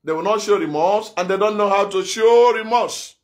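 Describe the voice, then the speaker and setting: A man preaching an impassioned, repetitive sermon, often breaking into shouts. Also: high-pitched, normal speed. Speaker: evangelist preacher.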